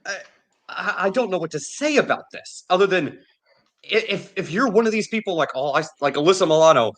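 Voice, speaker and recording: Man, high voice, bright tone, furious profane ranting, sarcastic. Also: lively intonation, a little fast. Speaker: podcast co-host. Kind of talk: ranting political banter.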